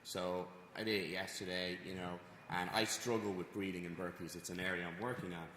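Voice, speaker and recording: A man with an Irish accent, a gym coach co-hosting a podcast, talking in an animated, rambling way and repeating phrases. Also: sits low, brisk. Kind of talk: casual podcast chat. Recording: echoey room with long reverb and background noise.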